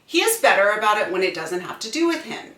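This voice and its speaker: A woman's voice: medium pitch, fast, distant mic, a little hiss or hum. A woman in her thirties co-hosting a podcast, telling stories in casual chat and acting out quoted lines. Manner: animated storyteller, acts out quoted voices. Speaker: podcast co-host. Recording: echoey room, off-mic.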